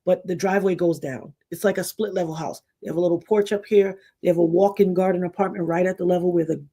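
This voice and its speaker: A middle-aged woman from New York hosting a casual livestream, telling personal stories in an animated way, acting out quotes and thanking her chat. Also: on the low side, fast talker, breathy edge. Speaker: livestream host.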